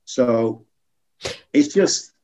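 A man's voice: medium pitch, expressive, very slow, mellow, slight background noise. A man, a guest in an interview, explaining alcohol recovery earnestly and acting out quoted voices. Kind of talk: conversational interview.

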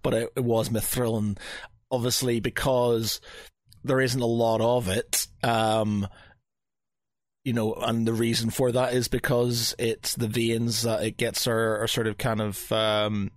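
A man's voice: mid-range voice, flat delivery, a little slow, dry recording, studio quality. A man co-hosting a podcast in casual chat, rambling and restarting as he looks things up aloud. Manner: rambling, many restarts while reading aloud. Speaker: podcast co-host.

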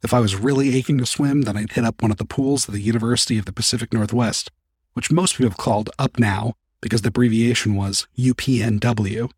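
A man narrating a first-person story as an audiobook reader, calm and even. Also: mid-range voice, fairly quick, husky, dry recording, studio quality.

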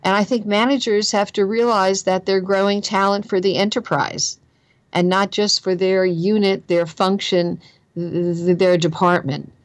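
A woman's voice: medium pitch, fairly even intonation, unhurried, no room sound. A woman with a New Jersey accent, a guest author talking about careers in an emphatic, earnest way and repeating phrases for stress. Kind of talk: conversational interview.

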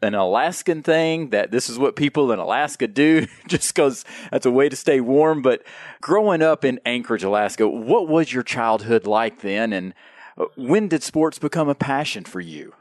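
A man's voice: mid-range voice, expressive, moderate pace, no room sound, studio quality. Friendly male interview host. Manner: friendly, laughs along, asks follow-ups. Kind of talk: casual interview questions.

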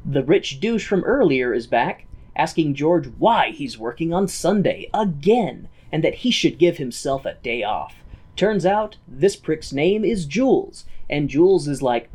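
Male podcast co-host, slightly high voice, rambling and animated recap. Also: a little slow. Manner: rambling, loses his train of thought, acts out quotes with laughs. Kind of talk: casual podcast chat recapping a musical.

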